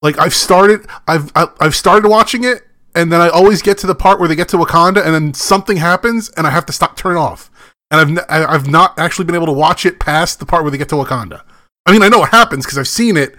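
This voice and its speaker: A man's voice: fairly high pitch, quick pace, bright, forceful tone. A man co-hosting a podcast, rambling in casual chat, with lots of "like" and restarts. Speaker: podcast co-host.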